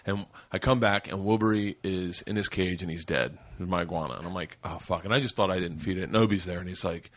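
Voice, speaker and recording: A man's voice: low voice, fast talker, few pauses. A man in his forties hosting a podcast, telling rambling, profane stories and laughing his way through them. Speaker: podcast host. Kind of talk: casual storytelling.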